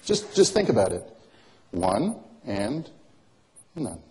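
A man's voice: lowish voice, big pitch swings, takes it slowly, warm tone. Playful man doing close-up magic. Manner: playful, teasing patter; coaxing, asks many questions.

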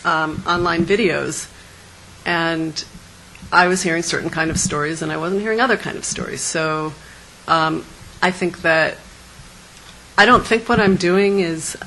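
Thoughtful woman artist, low and hesitant. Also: steady tone, measured pace, pauses often, a bit bright, slight background noise, low-quality recording. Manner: thoughtful, hesitant, many fillers. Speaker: presenting artist. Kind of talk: conference Q&A.

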